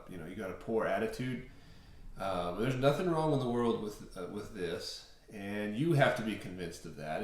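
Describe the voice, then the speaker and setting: A middle-aged man shares parenting advice in a measured way, often pausing on fillers. His voice sits on the low side. A heavy room echo surrounds every word. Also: far from the mic. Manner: measured, with many fillers and restarts. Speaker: parenting blog co-host. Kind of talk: casual advice talk. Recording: very echoey room.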